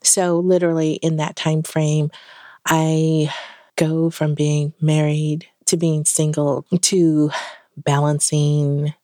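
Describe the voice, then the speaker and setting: A woman's voice: low voice, dry recording, studio quality. A middle-aged woman, a podcast guest, telling a personal story in an interview and acting out the dialogue in it. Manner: animated, acts out quoted dialogue.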